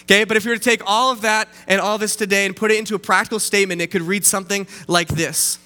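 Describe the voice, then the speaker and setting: A young man from Canada preaching a casual sermon, chatty and animated, often checking in with "okay?" as he tells a personal story. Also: sits high, quick pace, clear, resonant tone. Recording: long hall reverb.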